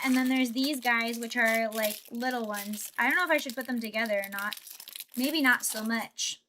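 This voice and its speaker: A woman's voice: a little high, pushed and bright, a little hiss or hum. A young woman VTuber chatting playfully with her live chat while she builds a Lego set. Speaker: VTuber streamer.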